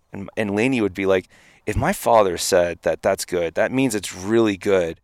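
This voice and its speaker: A man, a podcast guest telling an animated story and swearing now and then. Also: deep voice, fairly quick, vocal fry, no echo. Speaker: podcast guest, company founder. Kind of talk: storytelling in a casual interview.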